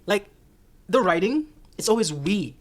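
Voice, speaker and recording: A man talking casually as a recurring guest on an anime discussion show, animated and joking, laughing often. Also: high voice, a little slow.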